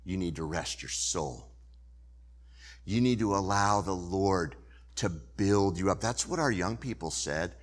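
A man, a pastor, preaching a sermon with animated storytelling that swings from loud to hushed. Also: deep voice, measured pace.

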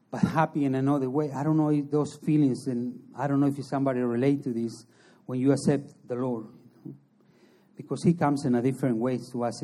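Man telling a halting, earnest testimony. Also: mid-range voice, warm tone, breathy edge. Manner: halting, earnest, in non-native English; emotional storytelling. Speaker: interview guest. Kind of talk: personal testimony.

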